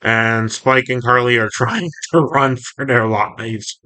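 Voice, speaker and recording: A man's voice: mid-range voice, slow pace, bright, forceful tone. A man reading and reviewing a comic book in a chatty, rambling way, often correcting himself. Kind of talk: casual comic reading and commentary.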